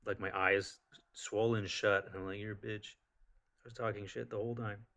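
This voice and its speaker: Casual vlogger, man, lowish voice, rambling, animated storyteller. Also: brisk. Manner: rambling, animated, full of fillers.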